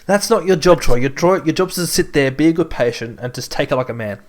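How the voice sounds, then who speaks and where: A man's voice: a little high, lively intonation, fast talker. A man, co-hosting a casual podcast and teasing his friend with dry one-liners. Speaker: podcast co-host. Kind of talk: casual chat.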